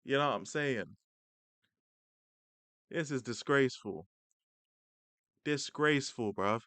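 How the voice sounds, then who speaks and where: A man's voice: mid-range voice, animated, slow, pushed and bright, no room sound. A young man, a streamer mocking football rivals in casual, slang-heavy banter. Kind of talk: casual livestream rant.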